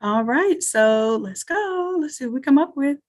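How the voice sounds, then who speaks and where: A woman's voice: high voice, expressive, unhurried. A woman teaching a live online design class, chatty and thinking aloud as she works through each step. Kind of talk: live screen-share tutorial.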